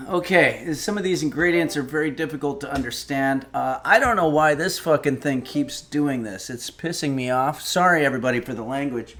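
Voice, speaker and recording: A man's voice: on the high side, fairly bright tone. A man hosting a casual cooking livestream, rambling and wry, swearing when irritated. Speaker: cooking stream host.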